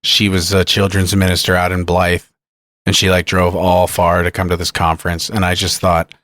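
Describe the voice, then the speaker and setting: A man's voice: low voice, moderate pace, no room sound. A man hosting a church history podcast, chatting playfully and reading scripture aloud. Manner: animated, playful, reads scripture with emphasis. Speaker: podcast host. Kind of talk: casual chat and scripture reading.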